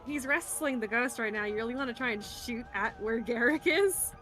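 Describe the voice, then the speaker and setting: A woman's voice: on the high side, normal speed, fairly bright tone, faint music behind. A woman playing in a tabletop game, teasing and sarcastic. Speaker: player. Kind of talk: casual tabletop game chat.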